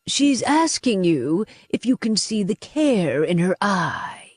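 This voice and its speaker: A cold-eyed male captive , voiced by a woman narrator, makes his wry, sardonic remarks slowly from a cage. The audiobook sound is dry and close. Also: medium pitch, sing-song, no echo.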